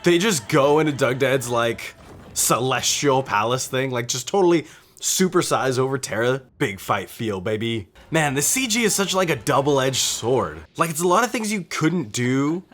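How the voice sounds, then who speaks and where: A young man giving casual, excited reaction commentary on a show, swearing often and laughing as he watches. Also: medium pitch, moderate pace. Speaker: reaction video host.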